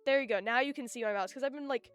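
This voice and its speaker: High-voiced woman ranting on stream. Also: rapid-fire, smooth, faint music behind. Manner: animated, ranting, self-interrupting. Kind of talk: casual live-stream chat.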